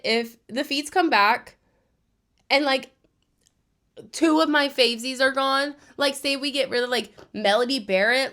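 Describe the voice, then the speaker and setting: A young woman vents straight to her viewers in a fed-up, casual rant full of swearing. Her voice sits a little high. She talks like she is recapping a favorite show for friends. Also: moderate pace, sharp tone. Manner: exasperated, swears often. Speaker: reality TV recap vlogger.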